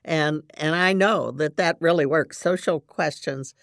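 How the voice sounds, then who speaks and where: A woman hosting an interview, speaking gently and repeating words as she starts sentences. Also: deep voice, a little slow, dry recording, studio quality. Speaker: podcast host. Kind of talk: conversational interview.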